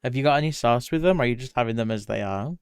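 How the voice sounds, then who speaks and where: A man's voice: mid-range voice, lively intonation, rapid-fire, smooth, dry recording, studio quality. A man with a British accent, an art streamer chatting casually with his viewers while he draws. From Britain. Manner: reads chat aloud and answers viewers by name, chatty. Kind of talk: casual livestream chat while drawing.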